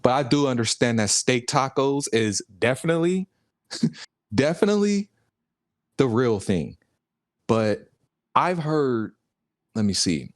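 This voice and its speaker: A man's voice: medium pitch, very animated, slow pace, pauses often, no echo, studio quality. A young man from the South, co-hosting a casual podcast and telling rambling stories with frequent laughter. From Southern United States. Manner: rambling storyteller, laughs often, acts out quotes. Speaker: podcast co-host. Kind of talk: casual chat.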